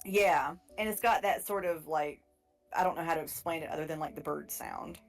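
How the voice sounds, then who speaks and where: A woman game master narrating a tabletop game in a relaxed, rambling way, laughing often. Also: low voice, brisk, faint music behind, rough recording.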